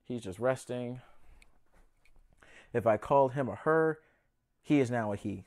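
A man's voice: mid-range voice, a little slow, long pauses, a little mellow. A young man casually narrating a home vlog as he handles his pets, chatty and a little nervous. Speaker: pet keeper vlogger.

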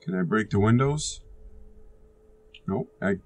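A man's voice: lowish voice, expressive, slow, a little mellow, slight background noise. A man giving casual, profane commentary while playing a horror video game, sarcastically talking back to the game. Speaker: gameplay streamer.

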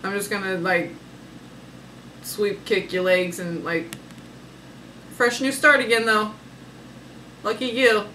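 A woman's voice: medium pitch, slow pace, long pauses, pushed and bright, slight background noise, rough recording. A woman giving a casual, sassy tarot reading, talking emphatically and laughing often. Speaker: tarot reader.

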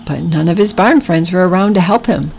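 A woman narrating a children's story with gentle, drawn-out emphasis. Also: fairly low pitch, gravelly, faint music behind, poor audio.

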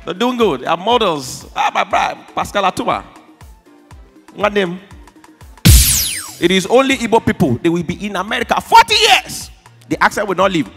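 Nigerian stand-up comic, high bright voice, animated shouting delivery, faint music behind. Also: male voice, moderate pace, creaky, long pauses. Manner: animated, shouting punchlines, mimicking squealing fans. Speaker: stand-up comedian. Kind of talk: stand-up comedy. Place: awards show stage.

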